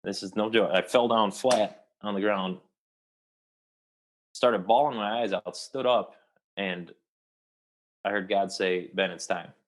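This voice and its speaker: A man's voice: fairly low pitch, slow, pauses often. A young adult man, an actor, telling a long personal story in a casual interview and rambling with many restarts.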